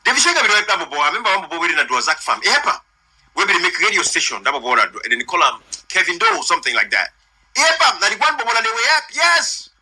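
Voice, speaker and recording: A man's voice: high voice, sharp tone, breathy edge, poor audio. A man from Sierra Leone with a Sierra Leonean accent giving rambling casual commentary as host, slipping pidgin into his English. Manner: rambling, mixes pidgin into English, many fillers.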